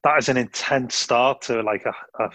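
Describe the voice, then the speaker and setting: A man's voice: medium pitch, normal speed, fairly bright tone, no echo. Scouse guy hosting a youth podcast, upbeat and friendly, lots of ums, dry sound. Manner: friendly, filler-heavy, upbeat. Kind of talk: casual podcast chat.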